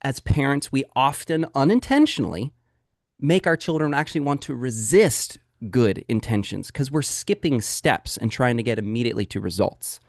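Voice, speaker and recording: A man of mid-range pitch runs a live training over a video call. He speaks with energy and emphasis, turning again and again to his listeners. The sound is dry and close, with no room echo. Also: normal speed. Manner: energetic and emphatic, talks straight to the audience. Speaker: real estate sales coach.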